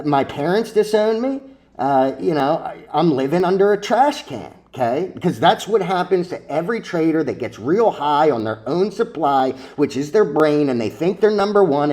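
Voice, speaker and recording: A man's voice: on the high side, a little mellow. A man lecturing his viewers about trading in a blunt, profane, preachy way, full of rhetorical questions. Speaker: stock trading vlogger.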